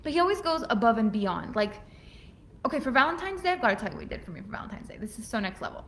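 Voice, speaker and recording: A woman's voice: fairly high pitch, sing-song, rapid-fire, a bit bright, a little hiss or hum. A woman hosting a casual talk show, effusive and over the top, often acting out quoted lines in different voices. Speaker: podcast host. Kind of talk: casual chat.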